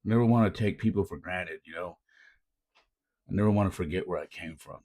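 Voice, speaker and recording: A man's voice: sits low, a little fast, darkish tone. A man who coaches youth baseball and hosts a podcast, telling stories in a laid-back, earnest way and often saying "man". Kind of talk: casual reflective storytelling.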